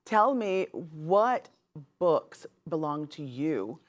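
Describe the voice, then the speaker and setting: A woman's voice: deep voice, very animated, very slow. A woman hosting a talk show, interviewing guests with frequent affirmations and exclamations.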